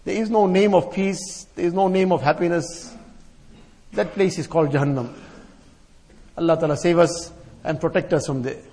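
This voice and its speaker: High-voiced man preaching in echoing hall. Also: steady tone, moderate pace, pauses often, darkish tone. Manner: chants Arabic verses, then explains them; repeats phrases in rhythmic lists. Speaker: Islamic scholar giving a talk. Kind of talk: sermon. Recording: long hall reverb.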